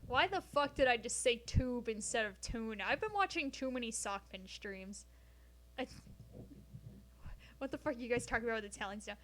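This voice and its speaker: A woman with a somewhat high voice chats on a live stream from her floor at home. She talks loosely and profanely, drifting off topic and cracking jokes between bits of science. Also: animated, moderate pace, fairly bright tone, a little hiss or hum. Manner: profane, rambling, jokey. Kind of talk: casual live-stream chat.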